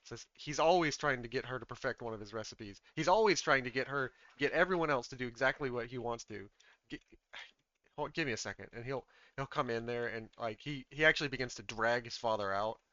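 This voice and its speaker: A man narrating as game master, halting with many fillers and restarts. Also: medium pitch, bright, forceful tone, no echo, lo-fi sound.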